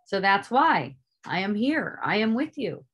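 A woman giving an earnest spiritual teaching in an online group talk, stressing points loudly and then dropping to soft asides, with casual swearing. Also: mid-range voice, big pitch swings, a little slow, breathy edge.

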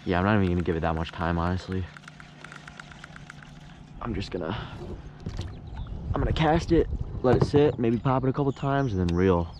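A young man on a kayak, fishing and chatting casually to his viewers, easily excitable and quick to groan over his mistakes. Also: low-pitched. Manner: excitable, swings from quiet musing to loud frustrated outbursts. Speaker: fishing vlogger. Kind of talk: casual running commentary. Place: on a kayak on a lake, outdoors. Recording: outdoor camera audio with steady background noise.

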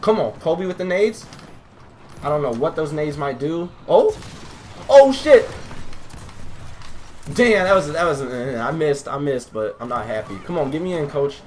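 A man's voice: a little high, normal speed, a little hiss or hum. A young man giving live commentary over his own gameplay, talking to viewers, swearing, and getting hyped at his teammates. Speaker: gaming YouTuber.

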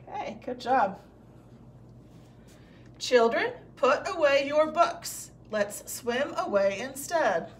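A woman's voice: on the high side, slight background noise. A woman teacher giving a recorded phonics lesson to young children, patiently sounding out words and praising answers.

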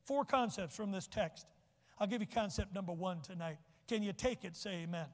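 A man, preaching a sermon as pastor, folksy, joking asides and repeating his points slowly. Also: high voice. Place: church sanctuary. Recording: long church reverb.

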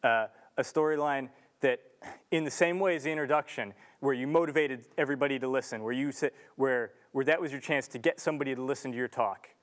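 A man's voice: mid-range voice, fast. A young man giving an earnest, casual talk to an audience in a large lecture room, with restarts and filler ums. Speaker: student speaker.

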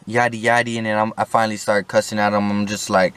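A man's voice: fairly low pitch, level tone, fast, hardly any pauses, a bit bright, clean tone. A young man telling a rambling personal story to his viewers, full of slang and swearing, acting out what people said in a raised voice. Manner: rambling, slangy, swears and then apologizes, acts out quotes with a raised voice. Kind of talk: casual storytelling to camera.

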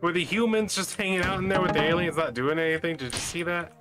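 A gaming channel host fires off quick, fairly high-pitched commentary on his own shooter gameplay, joking and talking to himself, over game music. The recording is very noisy.

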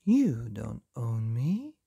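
A man reading a storybook aloud, voicing the sea as a quiet, wise presence. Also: mid-range voice, extremely slow, creaky, slightly rough, no room sound, clean studio sound, heavily acted. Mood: calm. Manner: quiet, calm. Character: calm, wise, ancient sea.

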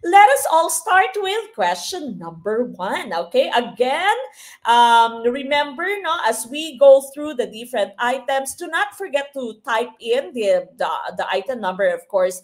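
A woman with a Filipino accent coaching a live online exam review, switching between English and Filipino and often asking "no?". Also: fairly high pitch. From Philippines. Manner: mixes English and Filipino, frequent tag "no?".

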